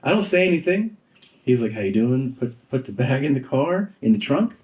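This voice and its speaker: A male comedian holds the floor in a casual podcast chat. His pitch swings widely as he acts out the people in his story. He swears easily and laughs as he talks. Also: very animated, normal speed, a little mellow. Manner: profane, laughs while telling, mimics other people's voices.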